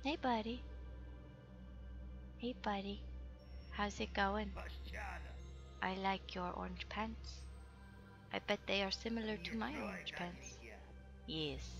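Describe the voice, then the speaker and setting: A young woman giving casual gameplay commentary, chatty and excitable, with loud outbursts and some swearing. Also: medium pitch, takes it slowly, pauses often, over music. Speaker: let's play gamer.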